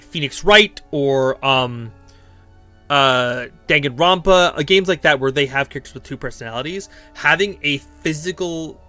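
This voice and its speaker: Male streamer, casual and chatty, bright tone, talks in loose filler-laden bursts. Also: fairly high pitch. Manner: rambling and filler-heavy, thinking aloud. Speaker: streamer giving character-writing advice. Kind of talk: casual live-stream chat.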